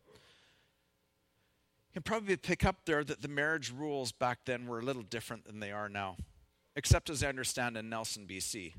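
A pastor preaching a sermon, reading scripture in an earnest, measured way with touches of light humor. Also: male voice, mid-range voice, a bit bright, dry recording.

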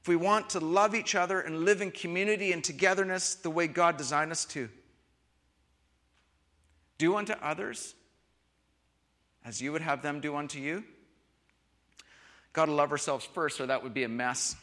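A man preaching a sermon, switching between quiet reflective lines and loud, emphatic ones. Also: a little high, moderate pace, pauses often. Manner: expressive, shifts from soft to loud emphasis. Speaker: pastor. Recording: long hall reverb.

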